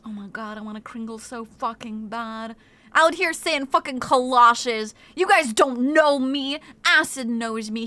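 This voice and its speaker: Excitable, high-pitched woman streamer. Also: dry recording. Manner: excitable, animated, swears freely, reads chat aloud. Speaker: game streamer. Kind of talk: casual live-stream chat.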